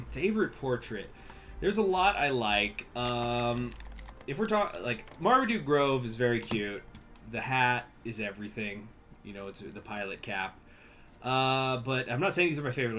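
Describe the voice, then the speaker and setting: Male streamer, casual rambling commentary, lively pitch, soft music behind. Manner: rambling, chatty, many fillers and restarts. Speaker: game streamer.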